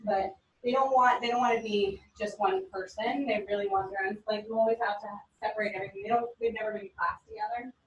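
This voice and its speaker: A woman in her forties teaching a class, animated and telling stories with quoted voices. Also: medium pitch, fast, muffled recording, slight background noise. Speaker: instructor. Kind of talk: classroom lecture. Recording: echoey room from a distance.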